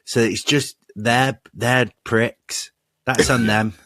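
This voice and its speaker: A man's voice: medium pitch, steady tone, takes it slowly, fairly bright tone, no room sound, studio quality. A man co-hosting a comedy podcast, teasing his friends bluntly and dryly. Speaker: podcast co-host.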